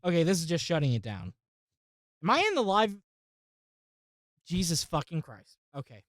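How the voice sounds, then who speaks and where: A woman hosting a casual tech vlog, talking through a software install and muttering to herself in exasperation, with frequent swearing. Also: lowish voice, sing-song, moderate pace, no room sound, clean studio sound. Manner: addresses viewers as folks and guys. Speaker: tech channel host.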